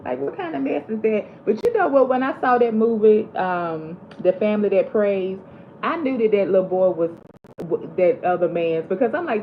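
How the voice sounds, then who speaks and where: A woman hosting her vlog chats casually and animatedly retells movie scenes, speaking at a moderate pace in a mid-range voice. The lo-fi audio is slightly dull, with a faint background hiss.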